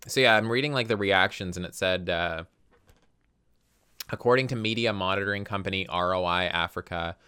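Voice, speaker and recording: Very deep crisp-voiced blunt man. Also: brisk, pushed and bright, dry recording, studio quality. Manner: blunt, swears freely, reads articles aloud. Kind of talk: casual chat.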